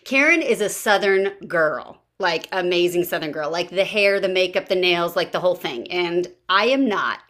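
A woman hosting a casual podcast conversation, telling stories in a lively way and acting out what others said. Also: lowish voice, moderate pace, few pauses. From Baltimore area, US. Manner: lively storyteller, acts out quotes. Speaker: podcast host.

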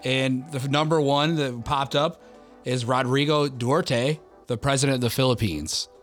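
A man's voice: medium pitch, steady tone, moderate pace, faint music behind. A man co-hosting a podcast in casual banter. He reads out search results and laughs often. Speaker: podcast co-host.

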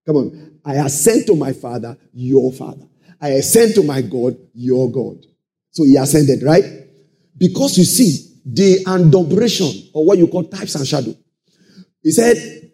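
A man preaching a sermon, calling out to the congregation and swinging into shouted and half-sung phrases. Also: on the high side, unhurried, long pauses. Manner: animated call-and-response preaching, sudden shouts and sung phrases.

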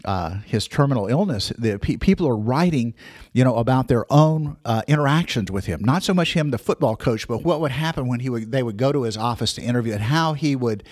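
A man in his sixties telling personal memories for listeners, halting with many restarts and fillers. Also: medium pitch, lively intonation, darkish tone, dry recording, studio quality.

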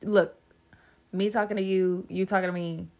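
A woman's voice: lowish voice, fairly even intonation, moderate pace, lo-fi sound, a little hiss or hum. A woman giving a casual tarot reading to camera, chatty and rambling, laughing often as she talks. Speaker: tarot reader.

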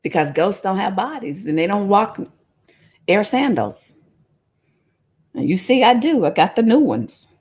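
A woman's voice: medium pitch, sing-song, unhurried, long pauses, darkish tone, slightly rough. A woman retelling a Bible story comically, with playful slangy asides and frequent laughs.

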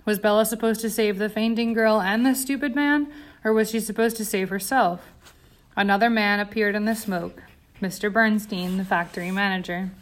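A woman reads a tense story aloud with steady, dramatic pacing. Her narration stays controlled and clear while the story builds suspense. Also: mid-range voice, normal speed. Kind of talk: audiobook narration.

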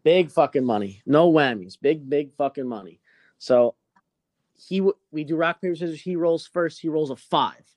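A man's voice: a little high, normal speed, no room sound. A young man hosting a podcast, telling a story in casual chat, swearing a lot. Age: young adult. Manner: profane, animated storytelling. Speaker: podcast host.

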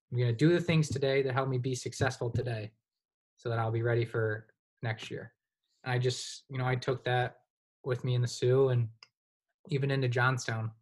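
A young man in his twenties, a hockey goaltender, talking casually in a podcast interview and filling his sentences with "you know". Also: mid-range voice. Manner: relaxed, rambling, heavy use of "you know". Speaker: guest, college hockey goaltender.

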